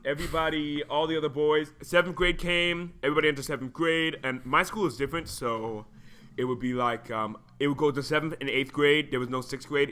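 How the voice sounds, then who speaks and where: A young adult man co-hosting a casual podcast chat, laughing a lot and now and then jumping into a squeaky voice to mimic his younger self. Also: pushed and bright, smooth. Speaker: podcast co-host.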